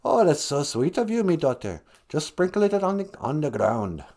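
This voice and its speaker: A man putting on an all-knowing deity who speaks in a lilting put-on brogue and hands out grand, folksy sermons. His pitch swoops widely as he moves from lofty proclamations to homely advice, in an improvised comic skit. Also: very animated, moderate pace. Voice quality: lilting put-on brogue, calls her "me daughter". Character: Great Spirit, an all-knowing male deity, gently preachy.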